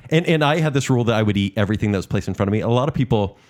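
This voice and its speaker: A man co-hosting a casual chat podcast, telling animated stories in quick bursts. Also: on the low side. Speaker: podcast co-host.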